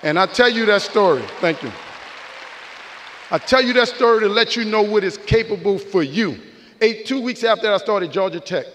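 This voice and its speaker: High-voiced preacherly man in a big hall. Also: animated, moderate pace, a bit bright, slight background noise. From New Orleans, USA. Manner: preacherly, rhythmic, repeating phrases. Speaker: commencement speaker. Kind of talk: motivational speech. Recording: long reverb of a large hall.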